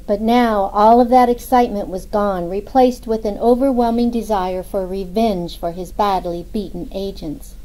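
A woman narrating a novel in a steady, even storytelling manner. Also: medium pitch, moderate pace, few pauses, rough recording. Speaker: audiobook narrator. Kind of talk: scripted narration.

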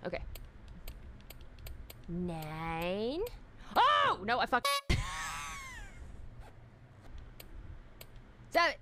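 A woman's voice: sits high, sing-song, normal speed, long pauses, noisy background. A woman streamer, giving jumpy live commentary on a horror game, shrieking in fright and chatting with her viewers.

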